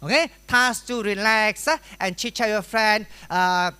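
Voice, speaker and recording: A woman with a Malaysian English accent lecturing a room of students, lively and playful, acting out chatter with sound effects and repeated syllables. Her voice is bright and forceful, with a middle pitch. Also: moderate pace, clear, resonant tone. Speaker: workshop speaker for exam preparation. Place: school hall.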